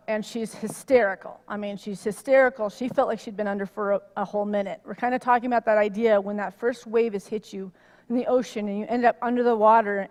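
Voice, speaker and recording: A middle-aged woman minister preaching in a chatty, storytelling way, her voice fairly high and lively. She gets loud and animated as the story builds. A long reverb from the church hall trails behind her. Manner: animated storytelling, rising loud when worked up. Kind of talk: conversational sermon. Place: church sanctuary.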